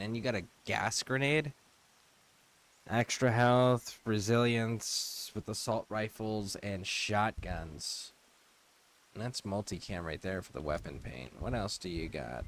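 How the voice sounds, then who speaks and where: A man streaming a video game, reading menus aloud and chatting loosely with casual profanity. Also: mid-range voice. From United States. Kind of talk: casual gameplay commentary.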